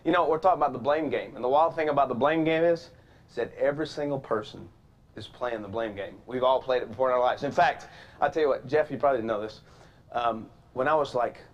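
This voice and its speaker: A man hosting a talk show, telling a story in a lively, folksy way and acting out the quotes in different voices. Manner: animated, folksy, acts out quotes with shifting pitch. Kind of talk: energetic storytelling monologue. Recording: dull lo-fi TV sound.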